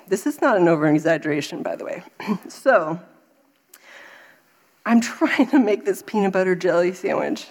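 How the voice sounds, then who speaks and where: A woman in her thirties speaking to a gathering in a lively, expressive voice. She tells a personal story in a faith talk, acting out her own exasperation with big swings in tone. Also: fairly low pitch, normal speed, pauses often.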